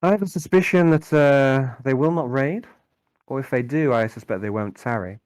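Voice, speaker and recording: A man voicing a measured, formal male inquisitor giving orders in a tabletop game. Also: medium pitch, darkish tone, clean tone, no room sound, pitched above the performer's own voice, natural voice. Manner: formal, deliberate speech.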